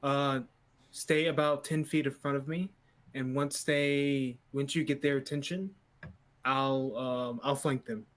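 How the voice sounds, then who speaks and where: A man playing a tabletop game as a player, speaking in a measured, deliberate way. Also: mid-range voice, steady tone, fairly bright tone. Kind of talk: tabletop role-play.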